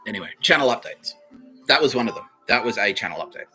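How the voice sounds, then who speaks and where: A man's voice: medium pitch, expressive, quick pace, pushed and bright, soft background music. A man hosting his own podcast, rambling and swearing through a solo monologue that keeps contradicting itself. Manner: profane, rambling, self-contradicting. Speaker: podcast host. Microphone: talking to camera.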